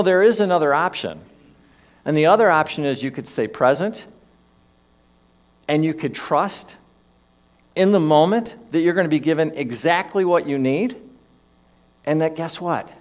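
A man's voice: a little high, lively intonation, moderate pace, pauses often. A man giving a sermon in a church, telling a personal story in a conversational way with shifting emphasis. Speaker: minister. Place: church sanctuary.

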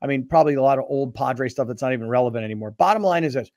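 A male radio and TV show host chatting casually in a studio and acting out stories with lively dialogue. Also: medium pitch, very fast, dry recording, muffled recording. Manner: animated storyteller, acts out dialogue. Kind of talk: casual sports talk show chat. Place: broadcast studio. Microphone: studio microphone.

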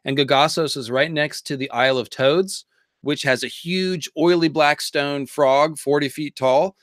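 A man's voice: fairly high pitch, unhurried, fairly bright tone, no room sound, studio quality. A man co-hosting a casual livestream chat, talking with enthusiasm and building theories. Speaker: co-host of a fan discussion livestream.

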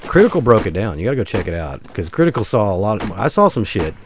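A low-voiced man with a drawl, chatting through a solo survival game. His pitch swings widely, dropping into mutters and jumping up when excited. Faint noise sits under a plain desk mic. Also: quick pace, gravelly. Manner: rambling, jokey, mutters asides to viewers. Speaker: gaming channel host. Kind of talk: casual solo gameplay commentary.

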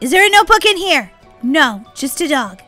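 A woman giving excited gameplay commentary as a channel host, squealing, laughing and crying out in bursts of panic. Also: high voice, moderate pace, dry recording, soft background music. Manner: squealing, laughing, breathless exclamations.

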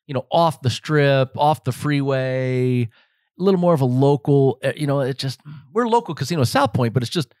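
A lively American man in his forties tells stories in an interview, joking along and slipping into his family's voices as he goes. His voice sits at an ordinary middle pitch, dry and close with no room around it. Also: moderate pace, dry recording. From Las Vegas, United States. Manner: animated, joking storyteller who acts out his family's voices. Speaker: guest. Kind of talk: casual interview storytelling.

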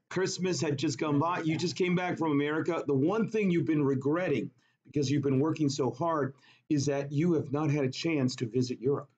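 Jokey male chemistry teacher lecturing, fairly high voice, muffled lo-fi sound. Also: a little fast, crowd noise. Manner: animated, jokey, asks the class questions. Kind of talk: classroom lecture with storytelling.

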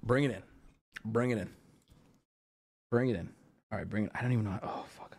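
A man in his thirties streaming live, talking casually and swearing, breaking into loud outbursts. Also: on the low side, a little fast, vocal fry, long pauses, husky. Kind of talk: live stream pack opening.

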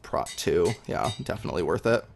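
A young man talking through his game as he plays, chatty and excitable, with lots of ums. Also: low voice, a little fast, vocal fry, faint music behind. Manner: excitable, chatty, many fillers. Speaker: gaming video host. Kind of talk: live gameplay commentary.

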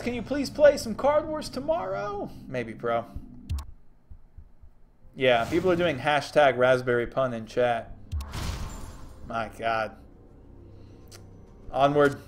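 Upbeat young Texan streamer, lively voice. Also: male voice, medium pitch. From Texas. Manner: upbeat, joking, reads chat messages aloud. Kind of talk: casual gaming stream commentary.

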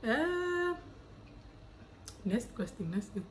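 A woman's voice: mid-range voice, very animated, slow pace, pauses often, a little mellow, slight background noise, rough recording. A young woman, reading viewers' questions aloud and answering them in a chatty, playful way. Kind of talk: casual chat.

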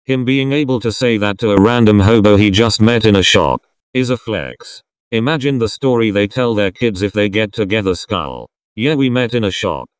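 A young man giving casual reaction commentary in a rambling, sarcastic way with quick asides. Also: on the low side, lively intonation, clean tone, no room sound. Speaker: reaction video host.

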